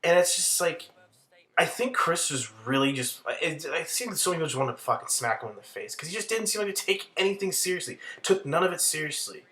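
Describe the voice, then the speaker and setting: A man's voice: a little high, expressive, brisk, bright, forceful tone. A young man giving casual, rambling video commentary with heavy swearing and crude asides. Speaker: commentary channel host.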